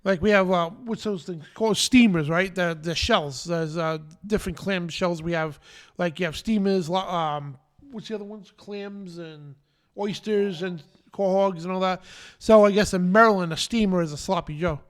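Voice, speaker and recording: Radio host, male, high and chatty, casual live banter. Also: normal speed. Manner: chatty, laughing, full of fillers.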